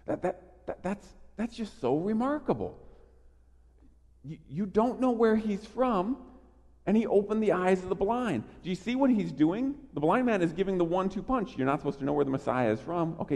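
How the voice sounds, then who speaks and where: A man preaching with a fairly high voice, emphatic and animated, often stumbling over his first words before pushing on. His sermon rings out with a long reverb from a large church hall. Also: a little fast. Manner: emphatic, animated, with frequent restarts. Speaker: pastor.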